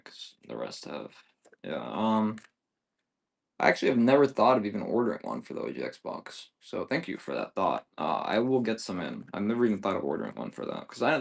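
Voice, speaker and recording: Creaky, lively-voiced man selling games. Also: fairly low pitch, brisk. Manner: profane, rambling, joking. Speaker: seller on a live auction stream. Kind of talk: casual live-selling chat.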